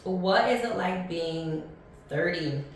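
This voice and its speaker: A woman's voice: on the low side, lively intonation, slow pace, a little hiss or hum. A woman of thirty hosting a casual solo podcast, chatty and blunt, rambling with many ums and restarts. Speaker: podcast host. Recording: echoey room, mic at a distance.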